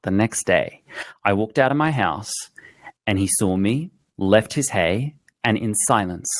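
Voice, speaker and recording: A man's voice: fairly low pitch, expressive, measured pace, no echo. A man guest on a podcast, telling stories in a reflective, conversational way and acting out his horse's thoughts. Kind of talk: conversational storytelling.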